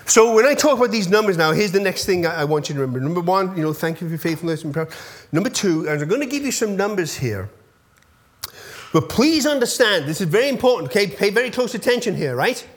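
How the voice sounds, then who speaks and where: Man, fifties, high-pitched, pastor, conversational, checks in with the audience, gets choked up. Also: animated, fast talker. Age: 50s. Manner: chatty, keeps checking in with the listeners; easily moved, voice catches when thanking people. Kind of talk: congregational update from the pulpit.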